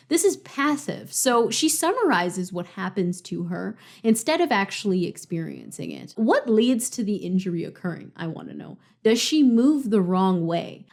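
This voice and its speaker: A woman's voice: medium pitch, animated, normal speed, hardly any pauses, darkish tone. A young adult woman giving casual writing tips to the camera and reading example passages aloud before picking them apart. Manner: chatty, reads example passages aloud then questions them. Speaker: writing vlogger.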